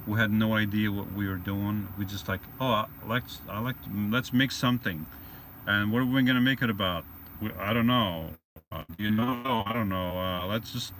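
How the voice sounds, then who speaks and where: Man, vlogger host, rambling and joking, tense bright tone, faint vehicle noise. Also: lowish voice. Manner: rambling and joking, greets viewers by name. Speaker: livestream host reading viewer comments. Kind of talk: casual live-stream chat. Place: van or vehicle.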